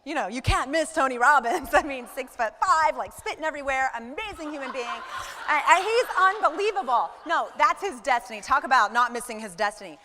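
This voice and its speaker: A woman in her forties giving a motivational talk to a live audience, telling stories in an animated way and acting out her own thoughts. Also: high-pitched, a little fast, in a large hall, noisy background. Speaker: business speaker.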